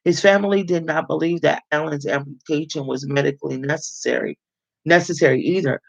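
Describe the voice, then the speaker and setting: Brief: gravelly-voiced woman, book club host reading aloud, blunt and profane asides, dull lo-fi sound. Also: low voice, no room sound. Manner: frank and profane, talks straight to listeners.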